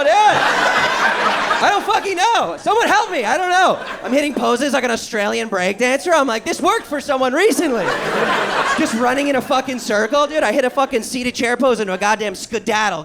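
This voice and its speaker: A young man doing a stand-up comedy set before a live audience, excitable and swearing, acting out his own panic in a raised voice. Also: high-pitched, background noise. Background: audience laughter.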